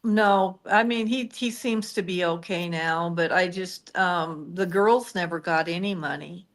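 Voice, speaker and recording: Woman calmly recounting a crime case. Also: fairly low pitch, a little slow. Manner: detailed, steady retelling of case facts. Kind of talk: casual true-crime storytelling.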